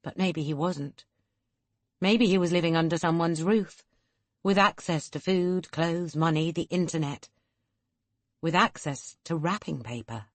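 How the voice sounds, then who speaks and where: A woman narrates an audiobook in a low, grounded voice, keeping a measured, steady storytelling pace. The sound is dry and close-miked, with no room tone or echo.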